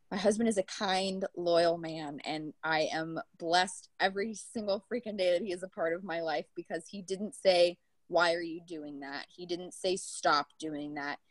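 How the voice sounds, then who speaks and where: A woman's voice: lowish voice, no room sound, rough recording. A woman in her twenties, a sales team leader giving an earnest, emotional motivational talk in a casual Q&A. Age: 20s. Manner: earnest and emotional, speeds up in bursts.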